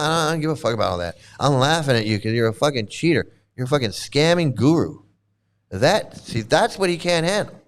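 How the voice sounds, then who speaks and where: With a smooth, mid-range voice, a channel host gives casual reaction commentary on a livestream. He is blunt and mocking, swears freely, and repeats his points.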